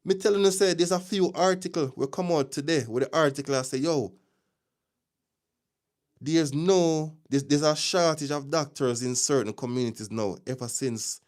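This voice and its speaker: A man with a Jamaican accent hosting a casual live news stream, chatty and opinionated, greeting viewers with shout-outs as he talks through the day's news. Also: medium pitch, moderate pace. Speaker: livestream news host.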